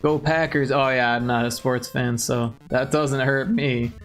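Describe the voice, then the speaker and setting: A man's voice: medium pitch, fairly even intonation, a little slow, faint music behind. A man from the Chicago area hosting a livestream, chatting loosely and joking with plenty of swearing. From Chicago area, USA. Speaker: livestream host. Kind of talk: casual stream chat.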